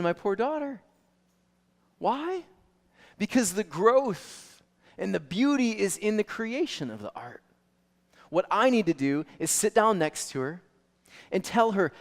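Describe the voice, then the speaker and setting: A male pastor preaching a sermon, animated storytelling that swings from soft to loud. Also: high-pitched, measured pace. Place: church sanctuary. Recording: long reverb of a church hall.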